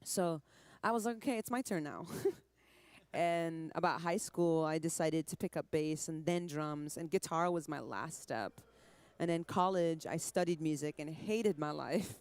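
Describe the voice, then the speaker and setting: A low-pitched woman in her twenties from Trinidad, a light Caribbean lilt under her American speech. She chats freely, laughing between quick asides. The sound is dry and close. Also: darkish tone, clean tone, no room sound. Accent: light Caribbean under an American accent. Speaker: musician guest. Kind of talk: casual interview chat.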